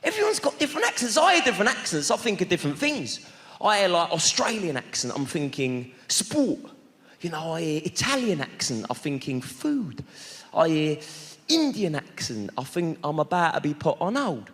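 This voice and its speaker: A man's voice: a little high, wildly swooping pitch, normal speed. A man doing stand-up, bantering cheekily with the crowd from a big theatre stage. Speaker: stand-up comedian. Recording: live theatre recording with long reverb. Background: loud audience laughter and noise.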